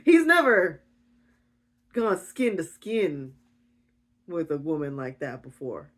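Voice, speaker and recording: Slow-talking giggly woman. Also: low voice, big pitch swings. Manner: giggly, chatty, with frequent fillers. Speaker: book reviewer. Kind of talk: casual book recap.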